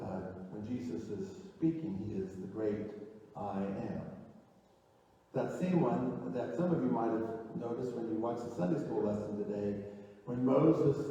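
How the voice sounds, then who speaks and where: A male pastor delivers his sermon in a loose, conversational way, restarting phrases and letting the weighty lines fall low and quiet. The sound is dull and lo-fi, caught by a distant mic with a long reverb hanging in the church. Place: church sanctuary.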